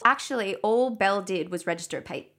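A woman's voice: mid-range voice, quick pace, noisy background. Woman leading a casual podcast chat. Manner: leads the segment, reading out a list with dry asides. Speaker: podcast co-host.

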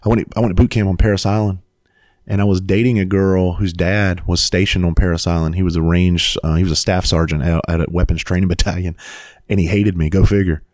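A man telling a personal story in casual conversation, animated and profane. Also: sits low, a little fast, no room sound, studio quality.

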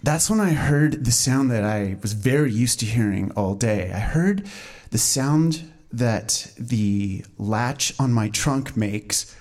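A man doing stand-up, telling a story at a measured pace with small hesitations. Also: mid-range voice, lively intonation, a little mellow. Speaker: stand-up comedian.

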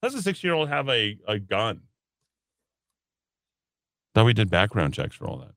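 A man's voice: lowish voice, huge pitch swings, normal speed, fairly bright tone, no room sound. A man hosting a talk radio show, reading news items and adding sarcastic asides in a casual way. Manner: reads headlines then adds sarcastic asides.

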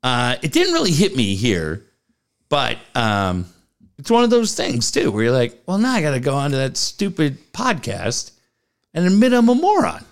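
A man's voice: medium pitch, huge pitch swings, normal speed, gravelly. A man co-hosting a podcast, teasing and wisecracking in casual chat. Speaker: podcast co-host.

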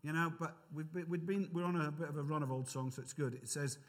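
Animated man preaching a sermon. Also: fairly high pitch, fast talker. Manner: animated and rising to emphasis, with asides to the congregation. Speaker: pastor. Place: church.

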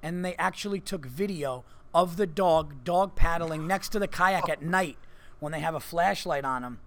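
A man's voice: fairly high pitch, normal speed, fairly bright tone. A man hosting a podcast, telling a long story in casual chat, swearing a lot and filling with "like". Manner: swears freely, lots of "like" fillers. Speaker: podcast host. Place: comedy club.

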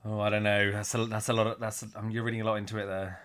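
A man co-hosting a casual chat podcast, giggly and quick to laugh as he gushes about a TV show. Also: on the low side, level tone, fairly bright tone. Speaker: podcast co-host.

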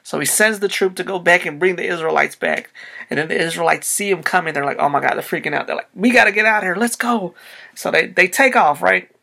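A man's voice: a little high, fast, creaky, bright, forceful tone. A man preaching a sermon in a casual, conversational way, using slang as he retells a Bible story. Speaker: pastor.

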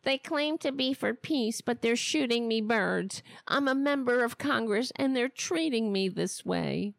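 A woman mimicking an indignant congresswoman in a higher, whiny voice. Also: animated, unhurried, gravelly, no room sound, clean studio sound. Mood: mock indignant. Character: mocking impression of an indignant congresswoman.

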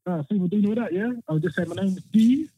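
Laid-back husky male caller. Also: sits high, fast, warm tone. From Northampton. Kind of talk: casual phone chat.

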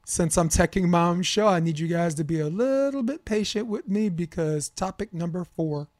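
A man's voice: high-pitched, animated, normal speed, a little mellow, dry recording, clean studio sound. A man hosting a casual sports debate podcast, a coach and commentator, talking candidly and rambling with fillers.

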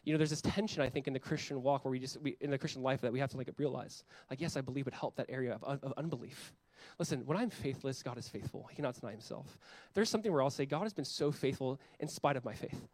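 Fast-talking young male pastor preaching. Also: medium pitch, no room sound. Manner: conversational, animated, acts out quoted voices. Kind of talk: sermon.

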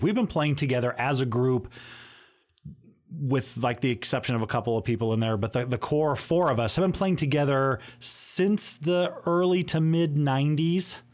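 A middle-aged man on a podcast, rambling and self-deprecating as he talks about his tabletop games. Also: medium pitch. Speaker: podcast co-host and player. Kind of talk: casual podcast chat.

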